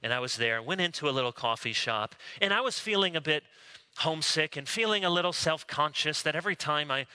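A man with an American accent preaching a sermon, telling stories in a conversational way with dramatic pauses. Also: fairly high pitch, lively intonation, sharp tone, clean tone. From United States. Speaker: pastor.

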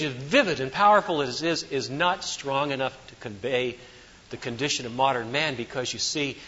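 A man preaching a sermon as pastor, swinging between loud emphatic declarations and hushed asides. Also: mid-range voice. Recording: dull lo-fi sound with long hall reverb.

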